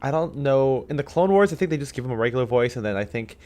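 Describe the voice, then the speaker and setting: A man co-hosting a podcast in casual chat, rambling and animated, dropping quick asides and quoting movie lines. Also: medium pitch. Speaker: podcast co-host.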